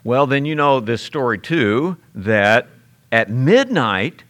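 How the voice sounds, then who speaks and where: A man delivers an expository sermon, telling the story animatedly and briefly acting out the characters. His voice is medium-pitched and slow.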